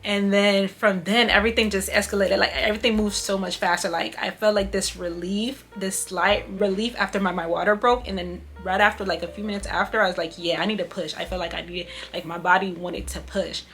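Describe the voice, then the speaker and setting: A woman's voice: mid-range voice, steady tone, a little fast, hardly any pauses, a bit bright. A young woman talks straight to her viewers, telling a hard personal story in an open, emotional, unpolished way. She keeps addressing them as "you guys" and leans on "you know" as she goes. Faint music plays behind her. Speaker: vlogger. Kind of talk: casual storytelling to camera.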